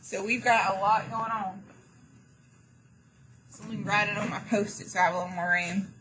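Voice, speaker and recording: Bright-voiced woman teaching math. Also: mid-range voice, flat delivery, moderate pace, slight background noise, low-quality recording. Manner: chatty, dramatic asides, jokey. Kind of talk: classroom lesson. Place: classroom.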